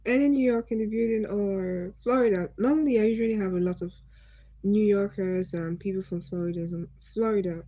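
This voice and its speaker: A Nigerian woman from Nigeria runs a relaxed livestream, chatting with viewers and asking them curious questions. Her voice is deep in tone, warm and mellow rather than bright, sitting at an ordinary middle pitch. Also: brisk, dry recording, poor audio. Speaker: livestream host. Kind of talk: casual livestream chat with viewers.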